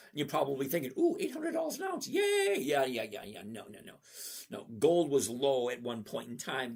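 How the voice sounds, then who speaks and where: A man in his sixties with a mid-range, breathy voice hosts a live stock trading stream. He chats casually and answers viewers by name.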